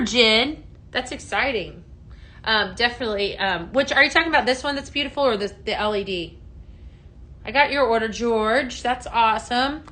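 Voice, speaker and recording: A woman's voice: on the high side, moderate pace, sharp tone. A woman hosting a casual home-product livestream, chatty and upbeat, greeting viewers by name as she reads their comments. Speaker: livestream shopping host.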